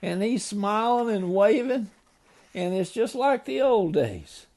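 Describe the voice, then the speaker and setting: Slow, gravelly older grandfather telling a story. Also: sits high, expressive, darkish tone. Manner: loose, ad-libbing retelling with small slips.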